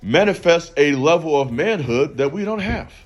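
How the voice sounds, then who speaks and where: Emphatic preaching man, higher voice. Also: animated, moderate pace, lo-fi sound, faint music behind. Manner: preachy, emphatic, calls out to listener. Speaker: channel host. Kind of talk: motivational faith talk.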